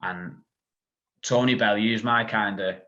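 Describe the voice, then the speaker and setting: A man's voice: lowish voice, steady tone, slow, pushed and bright. A man, a podcast guest telling a long story in casual chat, full of "like" and asides. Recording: dull lo-fi sound.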